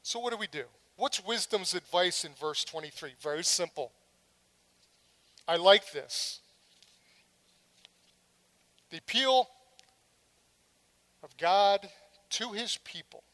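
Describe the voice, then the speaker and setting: A woman's voice: lowish voice, animated, a little slow, long pauses, a bit bright. A middle-aged woman preaching a sermon, telling stories dramatically and slipping in humorous asides.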